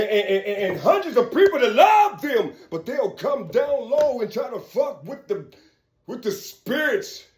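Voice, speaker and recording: A man ranting in a preachy, profane spiritual monologue, often shouting and checking in with the listener. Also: high voice, roomy sound. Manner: preachy, profane, keeps asking "you see"; bursts into shouting and laughter.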